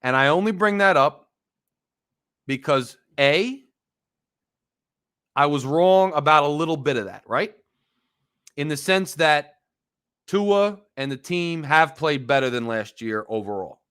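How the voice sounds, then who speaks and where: A man with a bright, forceful voice pitched a little high, hosting a fan show. He rants emphatically, circling back to his points with wry exasperation. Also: animated, a little slow, long pauses, clear, resonant tone. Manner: emphatic, wry, repetitive ranting. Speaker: sports podcast host. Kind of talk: casual fan rant.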